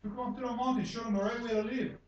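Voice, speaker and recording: A man in his fifties from Hawaii, with a very high voice and fairly even intonation, races through blunt, angry, repetitive testimony with swearing at a public hearing in a conference room. He speaks English with a Hawaii Pidgin accent. The lo-fi recording is echoey and distant, with faint noise.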